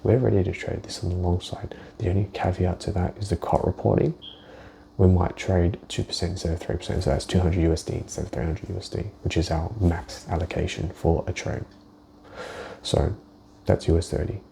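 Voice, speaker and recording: A man's voice: sits low, fairly even intonation, brisk, vocal fry, warm tone, slight background noise. A man giving a casual walkthrough of his forex trades, thinking aloud and swearing as he goes, with many restarted sentences. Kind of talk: casual screen-share market walkthrough.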